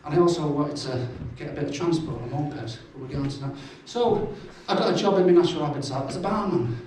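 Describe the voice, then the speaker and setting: A man's voice: fairly high pitch, quick pace, darkish tone, slight background noise. A middle-aged man with a Salford accent, telling blunt, self-mocking stories in a live stand-up set in a pub. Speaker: stand-up comedian. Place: pub function room with audience. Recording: echoey pub room, mic from far off.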